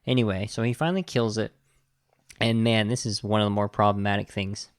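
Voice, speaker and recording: A man hosting a podcast, casually retelling a film plot in an animated, indignant way. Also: lowish voice, a little fast, clean tone, no room sound, clean studio sound. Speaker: podcast host reviewing a film. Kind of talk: casual film review chat.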